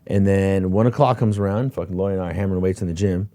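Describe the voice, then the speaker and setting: A man with a low, deep voice tells war stories in a relaxed, profane way. He laughs often and stumbles over repeated words. The sound is close and dry. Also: fast talker, dry recording. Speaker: host, former platoon lieutenant. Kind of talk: casual war storytelling.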